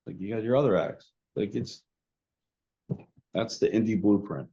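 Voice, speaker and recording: A man's voice: on the low side, animated, normal speed, dark tone, highs cut off, a little hiss or hum. A man co-hosting a wrestling podcast, talking casually and rambling with lots of "like" and swearing. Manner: rambling, profane, heavy filler "like". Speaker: podcast co-host. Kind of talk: casual chat.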